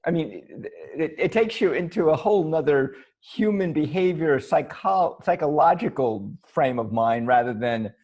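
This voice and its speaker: A man co-hosting a loose podcast conversation over a video call. His voice sits a bit high and swings widely in pitch, with a husky edge. He laughs easily and trips over his words as he thinks aloud. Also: moderate pace, hardly any pauses, dull audio. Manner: animated, laughs often, stumbles and restarts. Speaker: podcast co-host. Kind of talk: casual improv chat over video call. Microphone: video call mic.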